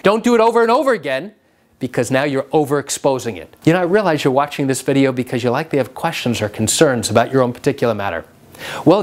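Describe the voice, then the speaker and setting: Animated man explaining law to camera. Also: a little high. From New York. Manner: animated, acts out courtroom quotes. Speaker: personal injury lawyer. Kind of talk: direct-to-camera legal explainer.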